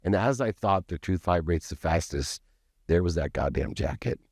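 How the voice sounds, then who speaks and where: Deep-voiced man telling an intense confessional story. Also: expressive, moderate pace, a little mellow, no echo, clean studio sound. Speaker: podcast guest. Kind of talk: personal storytelling in an interview.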